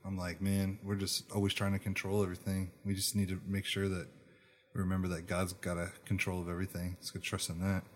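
Low-voiced American man, joking chat. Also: a little fast. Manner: animated, joking, self-deprecating. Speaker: podcast co-host. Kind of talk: casual chat.

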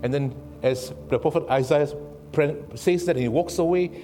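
A man preaching a sermon and telling stories dramatically, swinging from loud to hushed. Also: a little high, moderate pace, faint music behind. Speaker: guest preacher.

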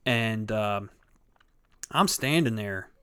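A man's voice: on the low side, slow pace, a bit bright, clean tone, dry recording. A man in casual chat, telling stories with heavy swearing and acting out other people's lines. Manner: profane storytelling, acts out other people's lines.

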